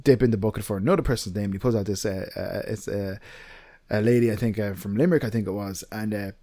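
A man's voice: lowish voice, steady tone, fast talker, mellow, no echo, clean studio sound. A man with an Irish accent co-hosting a casual podcast, telling a long story in a rambling way, full of fillers and the odd swear word. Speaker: podcast co-host.

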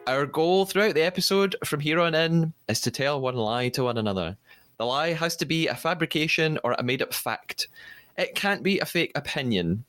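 A man hosting a podcast, presenting a scripted segment in an upbeat, animated way. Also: mid-range voice, no room sound. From United Kingdom. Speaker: podcast host.

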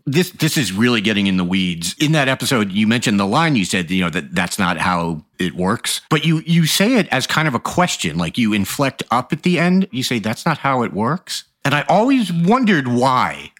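Male podcast host, mid pitch, very expressive intonation, casual curious questioning. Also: fairly quick, hardly any pauses. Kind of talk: casual interview.

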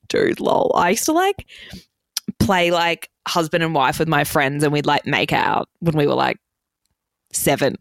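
In an expressive, casual storytelling monologue, a young podcast host uses a low, gravelly voice that often drops into vocal fry. She's chatty, curses a lot, and fills pauses with "like." The recording is close and dry, with no sense of a room.

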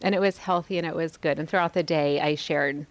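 A woman in her forties, a podcast host, reflectively sharing a personal faith testimony with a women's group, often pausing and dropping to a hushed near-whisper. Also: deep voice, fairly even intonation. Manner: reflective, soft-spoken, pauses often.

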